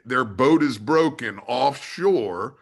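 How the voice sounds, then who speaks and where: A man's voice: medium pitch, expressive, slow pace, creaky. A man in his fifties who hosts a podcast, chatting casually and telling anecdotes. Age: 50s. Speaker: podcast host.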